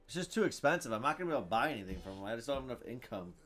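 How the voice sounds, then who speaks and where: A man giving live commentary on his own game, thinking out loud, reading card text aloud and bursting into loud cheers. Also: medium pitch, big pitch swings, very fast, soft background music. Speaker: gameplay streamer.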